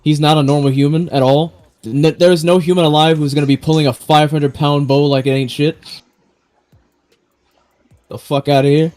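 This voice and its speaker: A man's voice: on the high side, fairly even intonation, normal speed, darkish tone. A man hosting a stream, chatting casually and rambling about comic films with lots of restarts and swearing. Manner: rambling, profane, many restarts. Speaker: stream host. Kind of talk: casual chat.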